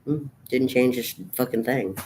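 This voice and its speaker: Low-voiced woman on a profane rant. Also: moderate pace, a little hiss or hum. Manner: raw, profane, venting rant; swings from quiet and low to loud outbursts. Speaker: vlogger. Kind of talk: personal monologue to camera.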